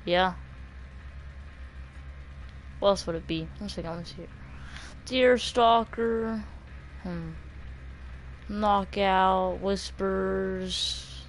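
Loud teasing woman streaming games. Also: medium pitch, steady tone, extremely slow, pauses often, slight background noise, poor audio. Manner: loud, crude, teasing, laughs a lot. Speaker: game streamer. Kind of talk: casual live-stream commentary.

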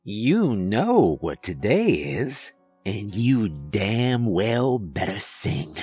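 A man's voice: fairly low pitch, big pitch swings, drawn-out words, a little mellow, slightly rough, faint music behind, heavily acted. A man voicing a cruel undead male pianist, snarling and menacing, in a horror story reading.

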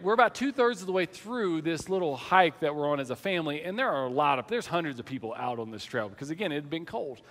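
A middle-aged man from the American South, a pastor telling a personal story in a sermon and acting out quoted shouting. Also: high-pitched. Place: church sanctuary. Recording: church hall reverb.

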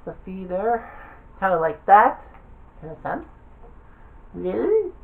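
A woman's voice: medium pitch, big pitch swings, slow, creaky, narrow, tinny audio. A woman giving offhand, rambling commentary while browsing a game, thinking aloud as she goes. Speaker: gaming video creator.

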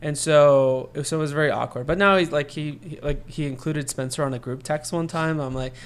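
A man's voice: on the high side, a little fast, over a noisy crowd. A man co-hosting a podcast, telling a long personal story in casual chat and acting out the voices of the people he quotes. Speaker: podcast co-host.

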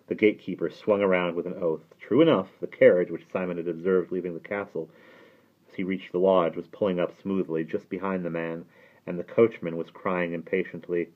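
Man reading a story, low voice, tinny phone-like sound. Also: brisk. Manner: steady storytelling. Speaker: audiobook reader. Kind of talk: audiobook narration.

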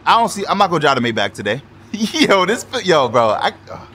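A man narrates his car game in loud, profane bursts, and his voice leaps wildly up and down. It sits a bit higher than most. Steady noise runs under the recording. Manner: loud, excitable, profane, quick outbursts. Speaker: gaming YouTuber. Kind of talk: excited gameplay commentary. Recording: noisy game audio behind the voice.

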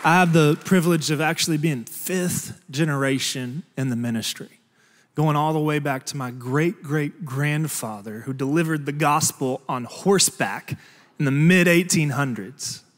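A man's voice: a little high, normal speed, a faint crowd. A man, a pastor, preaching a sermon in an earnest, plain-spoken way. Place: large church auditorium. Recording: long church hall reverb.

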